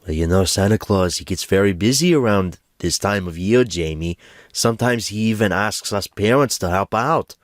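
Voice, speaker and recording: A man's voice: on the low side, normal speed, no echo, studio quality, close to an everyday voice. A man voicing a frazzled, pushy father, in a movie scene impression. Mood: pleading. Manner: pleading, then yelling. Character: frazzled desperate dad, pushy and short-tempered.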